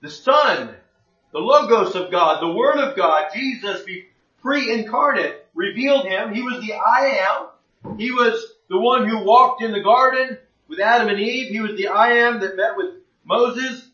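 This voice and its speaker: Male Bible teacher, high, bright, plain-spoken; roomy, distant, lo-fi sound. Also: measured pace. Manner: plain-spoken, asks rhetorical questions. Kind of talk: conversational sermon. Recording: echoey room, distant mic, dull lo-fi.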